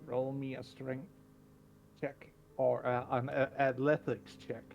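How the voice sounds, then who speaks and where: A man narrating as game master, slow and hesitant with many fillers. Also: medium pitch, level tone, gravelly, darkish tone, highs cut off, a little hiss or hum.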